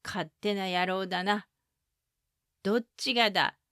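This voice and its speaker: A woman's voice: medium pitch, fairly even intonation, brisk, fairly bright tone, smooth, no echo, clean studio sound, natural voice. A woman doing a brash brute fighter. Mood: gruff, boastful. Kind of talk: reading manga dialogue aloud.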